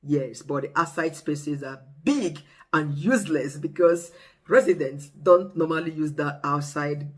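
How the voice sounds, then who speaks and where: A vlogger with a Nigerian accent talks straight to camera in a relaxed, chatty way. The delivery is expressive and animated, with vivid storytelling. The voice sits at a middling pitch. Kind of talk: casual talk to camera.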